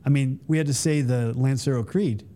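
A man's voice: medium pitch, fairly quick, dark tone. A middle-aged American man, a guest, telling stories casually in a rambling, self-interrupting way, doing playful voices for others. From United States. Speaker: guest, Army veteran. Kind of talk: casual storytelling.

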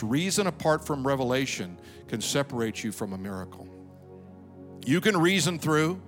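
A man preaches a sermon as pastor in a conversational way, reading and acting out scripture before dropping into quiet, reflective tones. His voice is medium pitch.

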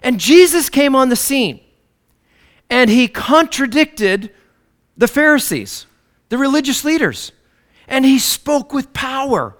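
A man preaching a sermon, swinging between loud declarations and low, hushed lines. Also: sing-song, slow, long pauses.

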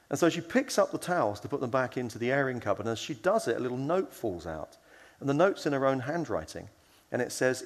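A conference speaker with a mid-range voice preaches at a fairly quick pace, his pitch swinging widely, and a long reverb tail trails his words. He tells stories in a chatty sermon, imitating the voices he quotes and using fillers and restarts.

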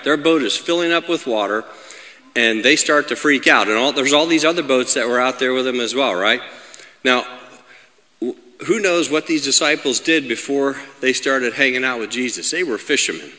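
A man preaching a sermon, reading scripture and then growing loud and emphatic, often asking his listeners "right?". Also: mid-range voice, in a large hall.

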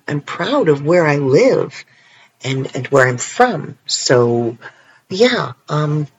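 A podcaster with a Canadian accent chats through a solo episode in a loose, meandering way, trading in dry jokes and filling pauses with ums. The recording sounds a little dull, with faint hiss behind the voice. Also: mid-range voice. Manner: rambling and self-deprecating, joking asides, frequent ums. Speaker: podcast host. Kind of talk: casual solo podcast monologue.

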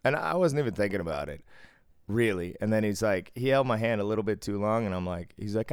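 Low, laughing man telling stories. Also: animated, fast, clean tone, no room sound, studio quality. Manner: laughing storyteller, swears freely. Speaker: podcast co-host. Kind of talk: casual podcast chat.

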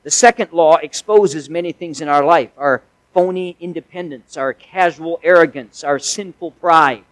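Pastor, male, slightly higher voice, folksy conversational sermon that rises to emphatic peaks, dry sound. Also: normal speed, no room sound, low-quality recording. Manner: conversational preaching with folksy asides and emphatic swells.

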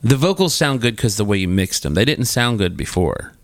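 A man's voice: lowish voice, a little fast, no echo, clean studio sound. A man hosting a podcast, telling crude, casual stories and swearing freely. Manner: animated, profane, jumps into quoted voices. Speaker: podcast host.

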